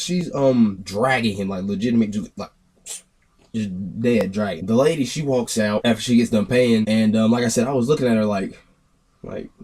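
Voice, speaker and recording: A young man spins a rambling storytime to his viewers. His voice sits low and mellow with a husky edge, and he slips into other people's lines as he goes. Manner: rambling, animated retelling with acted-out quotes. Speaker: vlogger telling a story. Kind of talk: casual storytime monologue.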